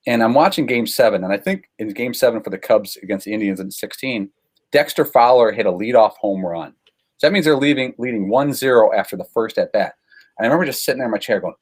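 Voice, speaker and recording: Husky-voiced guy, chatty sports guest, animated and self-deprecating. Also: mid-range voice. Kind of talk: casual storytelling.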